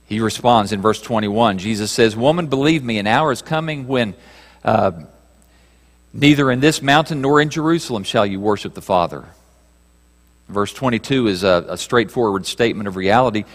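A man's voice: on the low side, normal speed. Preaching man in an echoing hall. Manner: dynamic, swings from raised to hushed, reads scripture aloud. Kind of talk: sermon. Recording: reverberant hall.

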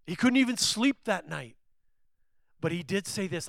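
A man preaching a sermon to a congregation, swinging between loud emphatic lines and hushed, slow ones, and putting questions to his listeners. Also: high-pitched, expressive, vocal fry, dry recording, studio quality. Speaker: pastor. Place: church service before a congregation.

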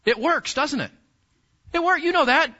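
A man's voice: very high voice, animated, normal speed, sharp tone, muffled recording. A man preaching a sermon in a church, speaking conversationally, repeating key phrases and putting questions to the congregation. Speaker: pastor.

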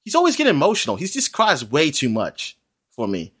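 Man, casual podcast chatter, lively swooping delivery, slightly high voice, rambling with lots of fillers. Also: brisk, slightly rough. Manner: animated, rambling, frequent fillers and laughs. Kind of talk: casual chat.

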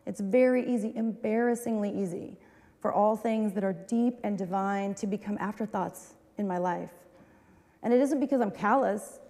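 A woman pastor delivers a sermon, moving from solemn recitation to candid, conversational asides that poke fun at herself. Her voice is warm and mellow, and it rings with a long reverb from a large church hall. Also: mid-range voice, normal speed.

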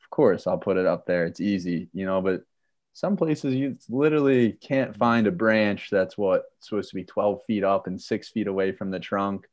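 Low-voiced man telling a story. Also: normal speed, no echo. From Pennsylvania. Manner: animated, acts out quotes, many fillers. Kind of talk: casual storytelling.

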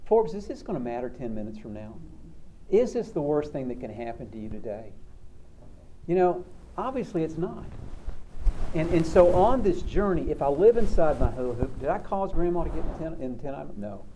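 A man's voice: on the high side, very animated, moderate pace, mellow, slight background noise, poor audio. A middle-aged man, a counselor telling stories about recovery with folksy, self-mocking humor. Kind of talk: storytelling talk on recovery.

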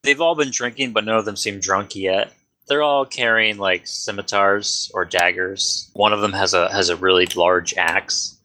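A man's voice: lowish voice, normal speed, bright, forceful tone. A man narrating a tabletop role-playing game as game master, casual and joking, with filler words.

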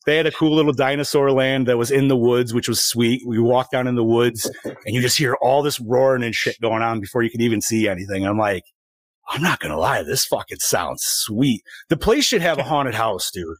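A man's voice: mid-range voice, a little fast, dry recording. Laid-back swearing man, dry sound. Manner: laid-back, swears a lot, calls people dude. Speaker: podcast co-host. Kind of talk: casual profane chat. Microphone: streaming setup with ring light.

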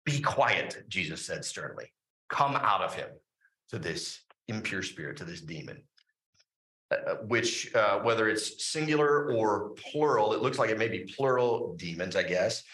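A man delivers a sermon in a bright, forward voice, leaning on tag questions and filler words as he thinks aloud. His voice rings out in a roomy, echoing sanctuary. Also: on the low side, measured pace. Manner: animated preaching with frequent fillers and tag questions. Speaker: pastor.

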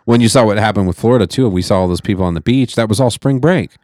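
A man's voice: on the low side, racing, a little mellow, dry recording, clean studio sound. A man hosting a casual podcast chat, rambling and swearing as he trips over his words. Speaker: podcast host. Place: home podcast studio.

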